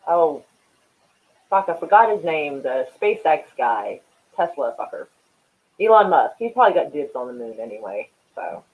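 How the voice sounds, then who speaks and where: A woman from Oklahoma hosting a casual livestream, chatting with viewers in a profane, rambling way and often laughing at herself. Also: deep voice. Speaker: livestream host. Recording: tinny phone-like audio.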